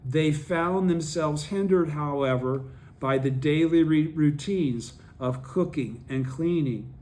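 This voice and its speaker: A man's voice: fairly high pitch, takes it slowly, darkish tone. A man leading a study group, reading a text aloud and explaining it, often checking that his listeners follow.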